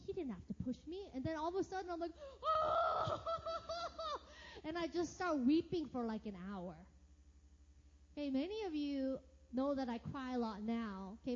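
A woman sharing a personal testimony sermon as a church leader, animated and acting out her own past reactions. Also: high-pitched. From United States. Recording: reverberant hall, dull lo-fi sound.

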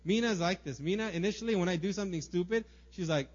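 A man's voice: sits high, animated, fast talker. Man preaching casually, dull sound. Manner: casual, conversational preaching with frequent "right?" asides; acts out small everyday quotes in muttering asides. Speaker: pastor. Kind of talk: sermon.

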